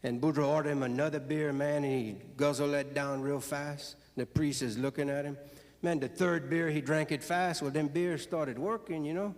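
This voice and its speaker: A South Louisiana storyteller and comedian delivers stand-up jokes on stage, his Cajun accent folksy and drawling for the live audience. The pitch is fairly high, the intonation fairly even, the speed normal. The hall adds long reverb.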